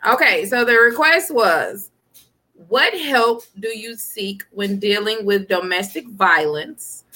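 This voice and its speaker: Joking woman cohost, bright tone, says it straight. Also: medium pitch, lively intonation, slow pace. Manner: blunt, joking, brassy. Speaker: podcast co-host. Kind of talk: casual chat.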